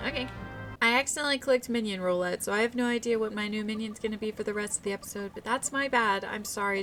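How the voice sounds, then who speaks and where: Brief: woman game streamer, joking commentary, soft music behind. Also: on the high side, fairly quick. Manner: playful, joking asides. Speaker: gaming channel host.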